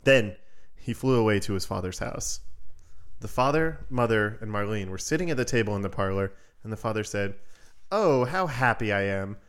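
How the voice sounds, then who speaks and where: A man's voice: fairly low pitch, a little fast, clear, resonant tone. A man hosting a podcast who reads a fairy tale aloud in a casual, playful way and adds joking asides. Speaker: podcast host.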